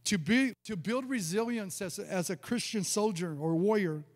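A man's voice: high-pitched, normal speed, in a large hall. A male pastor preaching a sermon, telling a personal testimony in a storytelling way, often stumbling and repeating words. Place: church sanctuary.

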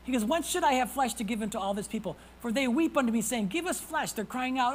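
A man preaching a sermon as pastor. He reads scripture aloud, calls out to the congregation for responses, and swings from hushed whispers to loud emphasis. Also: extremely high pitch, animated, fast, few pauses, a little hiss or hum, low-quality recording. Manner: reads scripture in old-fashioned wording.

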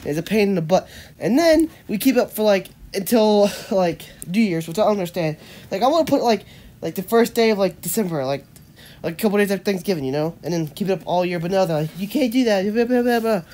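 A young woman, a daily vlogger, chats casually with a stuffed-up nose that makes her sound nasal. She rambles and says "like" constantly, her medium-pitched, mellow voice moving fast with lively intonation.

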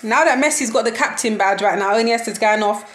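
A woman's voice: on the high side, fairly quick, fairly bright tone, slight background noise. A young woman giving a casual football match reaction, slangy and exasperated, laughing often as she talks.

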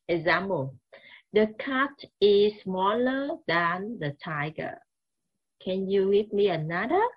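Vietnamese-accented lady teacher going over grammar, super slow, muffled recording. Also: medium pitch, animated, husky. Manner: slow, repetitive, mixes languages. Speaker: English teacher. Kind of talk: classroom grammar lesson.

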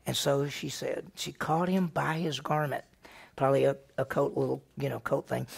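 Pastor, man, middle-aged, gravelly and a touch high, animated Bible-class teacher who quizzes his listeners. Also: normal speed. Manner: animated, fires questions at the class and answers them. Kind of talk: Bible study lesson.

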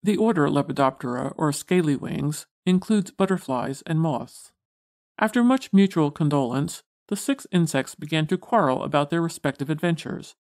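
A woman narrating an audiobook of a classic science storybook in a measured, formal reading style. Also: sits low, a little mellow. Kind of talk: scripted narration.

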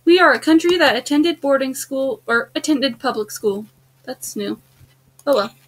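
A woman hosting a casual let's-play, bubbly and jokey, with sudden leaps up into excited squeals. Her voice sits a bit high. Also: moderate pace. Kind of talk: casual gaming chat.

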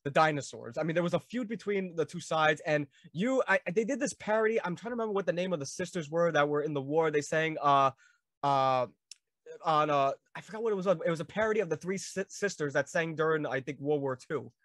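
A man's voice: on the high side, brisk, fairly bright tone, no echo, studio quality. A young man hosting a video call interview, asking rambling, eager questions full of fillers. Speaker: host.

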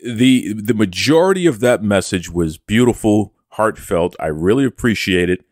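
Low-voiced man with wrestling-promo swagger. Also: lively intonation, moderate pace, dry recording, studio quality. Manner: wrestling-promo bravado, talks about himself in the third person. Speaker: podcast host. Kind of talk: casual podcast chat.

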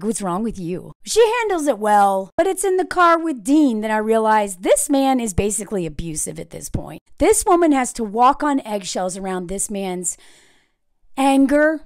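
Woman, indignant film commentary, high-pitched, close dry recording. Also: very animated, a little mellow, dry recording. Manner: indignant, talks fast with many fillers. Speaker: video commentator.

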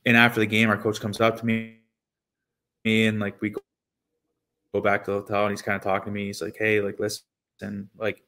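A man in his thirties talks casually as an interview guest. His voice sits low, and he loops back through "um"s and restarts as he tells his story. He keeps his delivery fairly flat. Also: fairly quick, pauses often. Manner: rambling with many fillers and restarts. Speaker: guest, former pro hockey player.

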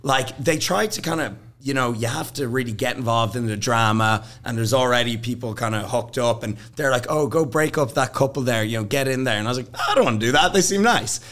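A man's voice: medium pitch, fairly quick, few pauses. A young man, a podcast guest, telling stories casually and laughing often as he acts out what others said. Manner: laughs often, animated storytelling with put-on quotes. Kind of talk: casual storytelling.

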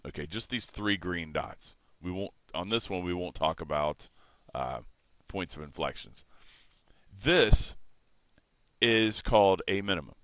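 Deep-voiced man teaching math casually. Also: unhurried, no room sound. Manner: relaxed, self-correcting, explains while sketching. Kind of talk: informal math lesson.

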